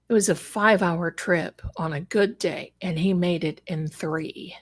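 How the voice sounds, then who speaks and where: This psychic guest is a middle-aged woman sharing her own story on a live stream, emotionally performing the voices of those she quotes. She speaks at a normal speed with few pauses, in a voice on the low side with a slightly bright quality.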